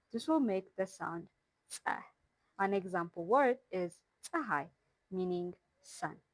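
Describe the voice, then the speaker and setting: A woman teaching pronunciation, taking her time and spelling out each syllable in a measured, deliberate way. She speaks at a middle pitch, and her voice sounds close and dry, with no room echo. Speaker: language teacher and channel host. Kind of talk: pronunciation lesson.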